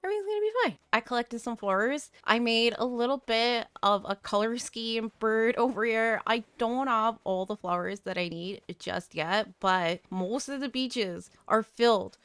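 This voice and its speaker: A young woman chats over a life-sim game with a playful, self-mocking running commentary. Her voice is fairly high and smooth, close to the mic in a dry space. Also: unhurried, hardly any pauses, fairly bright tone, dry recording. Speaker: gaming creator. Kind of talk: casual gameplay commentary.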